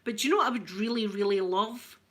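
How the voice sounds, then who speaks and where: With a medium pitch and a quick pace, a middle-aged Scottish woman with a Scottish accent chats casually to her livestream viewers. She hosts an ASMR channel and tells her stories with lively animation.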